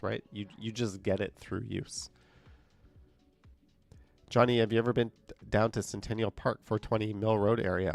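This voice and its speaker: Stuffy-nosed man, gravelly and low. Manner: chatty, reads viewer comments aloud and answers them. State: stuffed up, nasal from a cold. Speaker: live streamer reading chat. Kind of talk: casual live-stream chat. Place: indoors.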